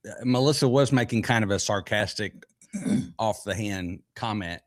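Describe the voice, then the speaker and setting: A man co-hosting a podcast in casual chat, talking haltingly with frequent restarts. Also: on the low side. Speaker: podcast co-host. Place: live podcast recording.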